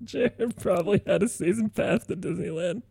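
Young male podcast co-host, brash and animated, slightly raised pitch, creaky edge. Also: moderate pace, no echo. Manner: animated, mocking, profane, breaks into high mocking voices. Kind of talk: casual comedy podcast banter.

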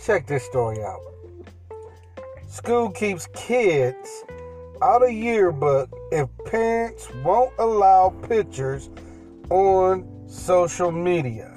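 A man's voice: high-pitched, big pitch swings, faint music behind. A man co-hosting a podcast, chatting playfully in a casual, loose way. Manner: playful, drawn-out delivery with shouted pirate growls. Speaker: podcast co-host.

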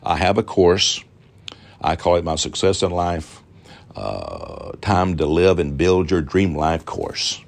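Fervent low-voiced televangelist man. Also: animated, creaky. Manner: fervent and repetitive, with drawn-out emphatic phrases. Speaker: televangelist pastor. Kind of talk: televised sermon with donation appeal.

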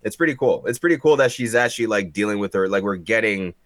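A man's voice: on the low side, lively intonation, fast, a bit bright, no room sound. A man co-hosting a casual podcast chat, recapping the plot step by step. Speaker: podcast co-host.

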